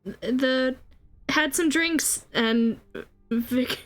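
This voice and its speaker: A woman's voice: high voice, drawn-out words, fairly bright tone, faint music behind. A woman player chatting casually in a rambling, giggly way. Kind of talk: casual chat between players.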